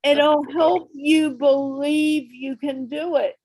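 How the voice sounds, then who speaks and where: A woman's voice: high voice, fairly even intonation, slow pace, a little mellow, no room sound, poor audio. A woman hosting an English conversation show on a video call, coaching a learner in an emphatic way and repeating words for stress. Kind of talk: encouraging casual chat.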